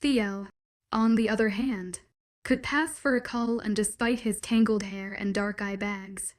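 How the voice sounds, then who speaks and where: Woman softly narrating a romance story. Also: medium pitch, fairly even intonation, a little slow. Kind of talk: first-person romance story reading.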